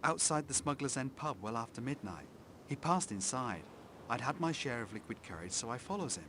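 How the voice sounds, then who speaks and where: A man's voice: medium pitch, lively intonation, brisk, bright, forceful tone, slight background noise. An actor voicing a superstitious local man with folksy, rustic grammar, spinning a ghost tale. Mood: storytelling. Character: superstitious local man, a hotel worker telling ghost tales. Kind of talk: video game voice acting.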